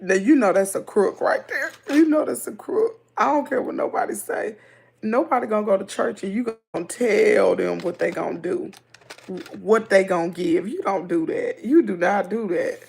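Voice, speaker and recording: Southern American woman, middle-aged, gravelly husky voice, chatty livestream host, talkative and quick to laugh. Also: mid-range voice. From Southern United States. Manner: chatty, animated, laughs easily. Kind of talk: casual live chat reading comments.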